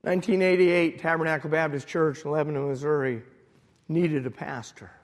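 A middle-aged man, a pastor, preaching a sermon and telling a personal story with emotion, at times rising to shouted prayer. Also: a little high, steady tone, normal speed. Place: church sanctuary. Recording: long hall reverb.

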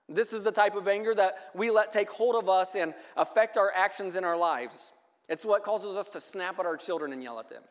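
A man preaching a sermon at a measured pace, reading scripture aloud in a church hall. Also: high voice. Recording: long echo of a hall.

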